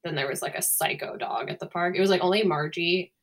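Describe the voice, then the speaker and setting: This young female podcast co-host talks quickly in a lowish voice, relaying a story in casual conversation and acting out what people said with lively flair.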